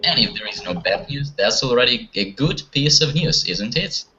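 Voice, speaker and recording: A man's voice: mid-range voice, very animated, moderate pace, bright, forceful tone, slight background noise. A man teaching an online English conversation class, encouraging students with many questions over a video call. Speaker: language teacher. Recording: muffled online call audio.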